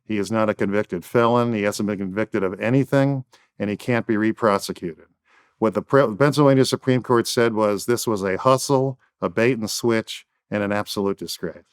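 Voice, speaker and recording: Firm low-voiced man, emphatic lawyer. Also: normal speed, clean tone. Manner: firm, emphatic, lists points in repeated phrases. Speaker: defense attorney guest. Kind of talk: interview answers.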